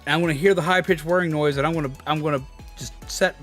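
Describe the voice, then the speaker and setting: Man streamer, fairly high voice, excitable, swearing, faint music behind. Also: fast. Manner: excitable, swears a lot, many fillers. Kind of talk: casual storytelling on a live stream.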